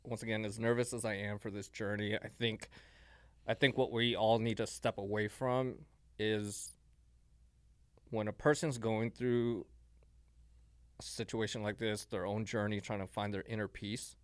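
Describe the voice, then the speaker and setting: A military veteran talking in a casual podcast chat. He speaks earnestly and haltingly, repeating words and restarting. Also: on the low side, level tone, clear, resonant tone, no room sound.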